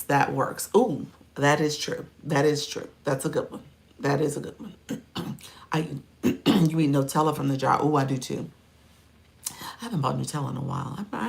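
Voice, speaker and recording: A woman's voice: low voice, creaky. A middle-aged woman hosting a livestream, chatting playfully with viewers and laughing often between remarks. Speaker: livestream host and coach. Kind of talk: casual livestream chat, reacting to viewer comments.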